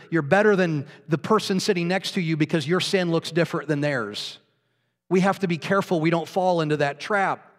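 A man preaching a sermon, telling a personal story with strong emotion and often dropping to hushed tones. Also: fairly high pitch. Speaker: pastor. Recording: long hall reverb.

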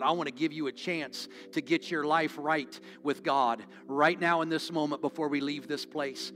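A man's voice: a little high, steady tone, moderate pace, few pauses, a bit bright. A man preaching as a pastor, leading an altar call with earnest, pleading, repetitive appeals to a congregation in a church. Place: church sanctuary.

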